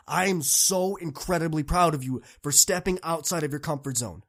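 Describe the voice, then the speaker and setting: A man's voice: fairly high pitch, moderate pace, hardly any pauses. Earnest young man giving a motivational pep talk. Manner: earnest, encouraging, swings from soft to impassioned. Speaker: podcast host.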